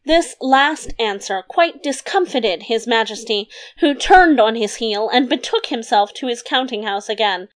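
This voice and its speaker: A woman reads a fairy-tale chapter aloud at an unhurried pace. Her voice sits a little high and stays gentle and even through the narration. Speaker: audiobook narrator. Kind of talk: storybook narration.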